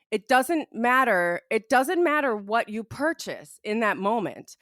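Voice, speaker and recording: Young woman podcast co-host, chatty storyteller, mid pitch, dry sound. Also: no room sound. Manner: chatty, lots of "like", animated storytelling. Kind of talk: casual podcast chat.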